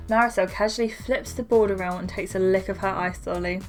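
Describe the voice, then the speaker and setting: A woman's voice: mid-range voice, steady tone, brisk, few pauses. A young woman hosting a gaming video, reading a story game's lines aloud in a playful way and adding her own comments. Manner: playful, reads each character's lines in turn. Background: faint game music.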